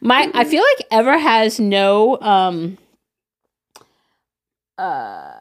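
A woman's voice: mid-range voice, very slow. A young woman co-hosting a podcast, telling stories in casual chat, swearing freely and often restarting her sentences. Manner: swearing, stammering restarts, animated storytelling. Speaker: podcast co-host.

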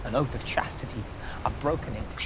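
An actor playing a young sworn knight, speaking in a strained, anguished way. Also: male voice, mid-range voice, brisk, close to an everyday voice. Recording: muffled TV clip with crowd noise.

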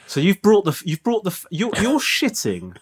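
A man co-hosting a podcast, teasing his co-host in quick casual banter. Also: high voice, huge pitch swings, slightly rough. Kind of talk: casual chat.

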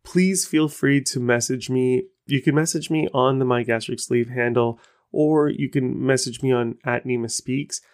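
A man's voice: medium pitch, normal speed, darkish tone. Chatty male podcast host. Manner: chatty, rambling, self-deprecating. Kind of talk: casual solo podcast talk.

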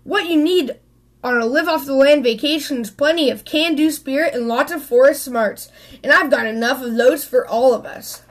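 A woman voicing a cheerful, boastful father bear in a storybook reading, loud and exclaiming. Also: high-pitched, moderate pace, natural voice. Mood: cheery boastful.

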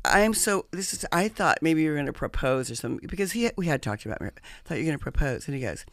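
Woman, animated storyteller, dramatic and profane, dry close sound. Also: low-pitched, fast, no room sound. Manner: animated, dramatic, swears freely. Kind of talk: casual storytelling chat.

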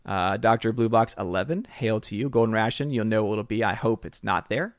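A man's voice: on the low side, a little fast, dry recording, studio quality. A man hosting a casual live stream, greeting viewers by name and reading chat comments. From southern United States. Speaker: livestream host.

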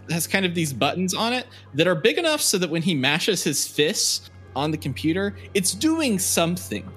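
A man's voice: sits high, fairly bright tone, breathy edge. A man narrating as game master of a tabletop game, loose and full of fillers.

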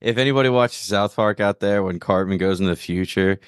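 Deep-voiced dude rambling about a show, jokey, dry mic. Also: male voice, brisk, clear, resonant tone, dry recording. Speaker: podcast co-host. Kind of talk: casual chat.

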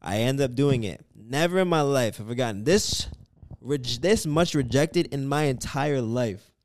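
A man's voice: medium pitch, lively intonation, measured pace, slight background noise. A young man co-hosting a podcast, joking and poking fun at himself in a casual chat. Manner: joking, self-mocking. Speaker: podcast co-host.

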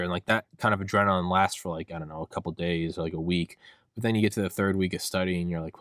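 A man's voice: low-pitched, fairly even intonation, quick pace, fairly bright tone, dry recording, studio quality. A young man hosting a solo podcast rant, rambling and swearing, acting out his own inner voice. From United States. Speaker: podcast host.

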